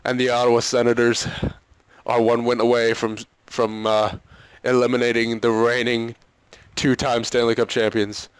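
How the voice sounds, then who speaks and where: A man's voice: medium pitch, level tone, normal speed, clear, resonant tone, dry recording. A man doing let's-play commentary on a hockey video game, exasperated and pleading with his team, often laughing and sighing. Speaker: gaming commentator.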